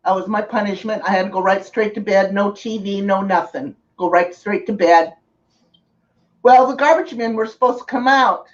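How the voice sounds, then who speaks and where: A woman streamer telling a personal story in casual, unhurried speech, earnest in tone and pausing to thank viewers. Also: medium pitch. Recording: distant, dull lo-fi mic.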